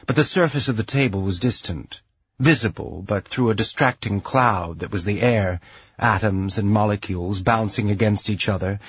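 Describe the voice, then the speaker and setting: A man narrating a science fiction audiobook in a measured, even storytelling voice. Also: on the low side, slightly rough, no room sound, lo-fi sound. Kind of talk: scripted narration.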